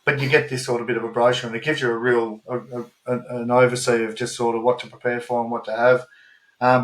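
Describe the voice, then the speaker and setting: Australian male podcast co-host with a mid-range voice, animated casual storyteller, recorded in an echoey room. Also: mid-range voice. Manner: animated storytelling, swears freely. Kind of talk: casual chat. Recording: roomy echo.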